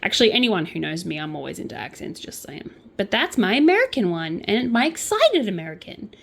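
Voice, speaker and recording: Playful woman with a lively voice. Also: medium pitch, fairly quick, creaky. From Australia. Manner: playful, jokey asides, breaks into mock accents. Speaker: vlogger. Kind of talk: casual true-crime chat while crocheting.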